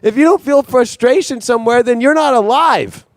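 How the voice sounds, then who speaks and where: A man's voice: very high voice, normal speed, no echo, clean studio sound. A man giving an intense, profane astrology monologue as host, often repeating himself.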